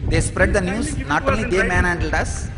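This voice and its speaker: A man's voice: sits high, animated, moderate pace, a crowd in the background. A man speaking at a press conference, insistent and firing off rhetorical questions. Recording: reverberant press hall.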